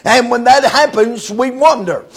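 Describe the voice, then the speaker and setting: A man preaching a sermon, in a chanting cadence full of "uh" fillers, sometimes shouting. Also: very high voice, measured pace, creaky, husky.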